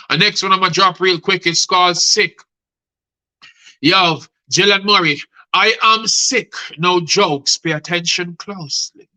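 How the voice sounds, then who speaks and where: Host, middle-aged man, crisp bright voice, performs rhyming poems live. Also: high voice, rough recording. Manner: rhythmic spoken-word delivery, addressing guests by name. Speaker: host and poet. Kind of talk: reciting rhyming poetry on a live show.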